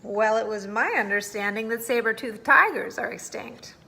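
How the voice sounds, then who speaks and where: A polite yet fussy little auk bird, voiced by a woman reader who corrects grammar and spells out names. The high voice gets loud and clipped with exasperation. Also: moderate pace, creaky. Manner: precise and correcting, growing exasperated.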